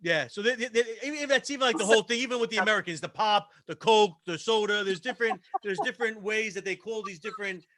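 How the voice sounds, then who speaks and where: Man, host, quick animated talk, high bright voice, dry sound. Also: no echo. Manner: fast, animated storytelling. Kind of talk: casual panel chat on a livestream.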